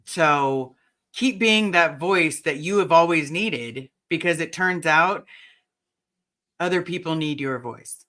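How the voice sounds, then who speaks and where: A podcaster chatting casually in an earnest, emotional way, with halting restarts as they talk. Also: medium pitch, a bit bright. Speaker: podcast co-host.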